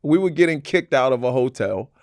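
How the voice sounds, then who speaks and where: Energetic male comedian telling stories. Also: mid-range voice, fairly quick, dry recording, studio quality. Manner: energetic storytelling full of "you know what I'm saying". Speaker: comedian guest. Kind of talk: casual interview chat.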